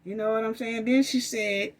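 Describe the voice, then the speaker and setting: A woman's voice: fairly high pitch, fairly even intonation, moderate pace. A woman delivering an impassioned commentary rant, emphatic and accusatory, hammering the same phrases over and over. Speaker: commentary vlogger.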